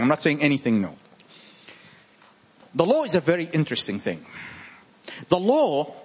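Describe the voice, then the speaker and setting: A man with a French accent gives an informal sermon to a small group, his voice high for a man and a little husky. He swings his pitch widely and keeps hammering his points through repetition. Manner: animated, repetitive and emphatic. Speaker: preacher.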